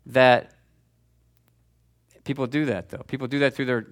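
A man's voice: mid-range voice, fairly even intonation, unhurried. A man preaching a sermon as pastor, in a conversational, emphatic style that repeats key phrases.

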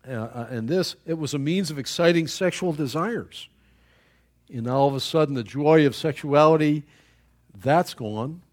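A man preaching a sermon in a folksy storytelling way, chuckling at his own anecdotes and often restarting his sentences. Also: mid-range voice. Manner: halting with repeated restarts.

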